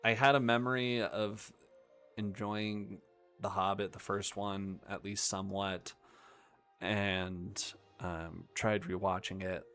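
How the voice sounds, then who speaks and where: A man's voice: lowish voice, level tone, slow pace, fairly bright tone, faint music behind. A young man hosting a live stream, chatting casually about movies in a rambling way, with lots of ums and half-finished thoughts. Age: young adult.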